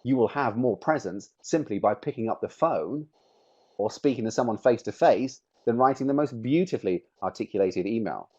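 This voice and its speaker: A man's voice: medium pitch, lively intonation, a little fast, darkish tone, husky, muffled recording. A middle-aged man presenting a webinar, speaking with emphatic, shifting stress on key words. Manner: emphatic, varies stress on words to make points.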